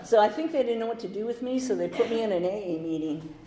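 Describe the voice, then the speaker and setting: A woman's voice: medium pitch, animated, fast, warm tone, roomy sound, slight background noise, low-quality recording. A middle-aged American woman candidly telling her recovery story at a meeting, with wry humor. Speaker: speaker sharing her story. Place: meeting hall.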